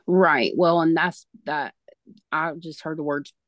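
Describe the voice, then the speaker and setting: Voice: medium pitch, fairly even intonation, unhurried, a bit bright, no room sound. A podcast host in their thirties who speaks reassuringly and passes on messages from spirit as a medium. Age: 30s. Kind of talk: conversational podcast talk.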